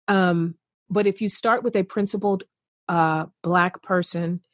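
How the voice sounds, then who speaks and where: Passionate, emphatic woman, husky and low. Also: steady tone, unhurried, dry recording, studio quality. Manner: passionate, emphatic, repeats for stress. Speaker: podcast guest. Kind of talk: earnest conversation.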